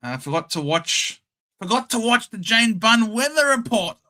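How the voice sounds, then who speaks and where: A man's voice: sits high, very animated, moderate pace, pushed and bright. A young Australian man hosting a casual live sports watchalong, bantering cheekily with chat and reading out scores. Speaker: livestream host.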